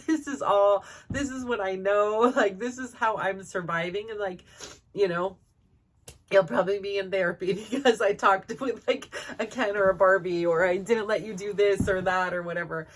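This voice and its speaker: A woman in her forties, hosting her own podcast, tells a heartfelt personal story at a medium pitch. She rambles with plenty of "like" and "you know", and now and then laughs through tears. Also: moderate pace. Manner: rambling, full of likes and you-knows. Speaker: podcast host.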